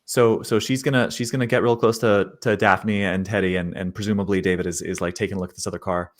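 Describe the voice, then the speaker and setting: A man's voice: sits low, steady tone, fast talker. A man playing a tabletop game, rambling as he describes his character's actions. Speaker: player.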